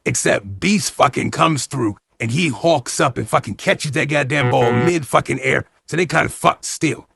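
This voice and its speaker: A man with a deeply gravelly, husky voice recaps a film for laughs, peppering every line with profanity and slang. He slips into the characters' lines as he goes. The recording is dry, with no room sound. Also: moderate pace, hardly any pauses, a bit bright, no room sound. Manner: heavy swearing, slangy retelling with acted-out quotes. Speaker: movie recap host. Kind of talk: profane comedic movie recap.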